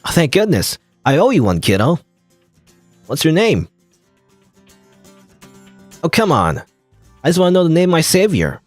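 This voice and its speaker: A man's voice: a little high, wildly swooping pitch, normal speed, long pauses, no room sound, soft background music, voice pushed up. A man voicing a friendly, cocky young male burglar who talks in a breezy, chummy way. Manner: chummy, breezy, smooth-talking.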